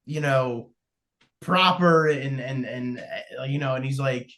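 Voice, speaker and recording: A man's voice: mid-range voice, unhurried, a bit bright. A man hosting a podcast, chatting casually about a film, rambling with many fillers and restarts. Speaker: podcast host.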